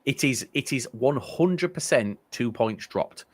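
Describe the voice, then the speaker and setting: A man's voice: medium pitch, measured pace, dry recording. A man co-hosting a casual football podcast, telling rambling stories with lots of restarts. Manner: rambling, restarts often, animated storytelling. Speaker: podcast co-host.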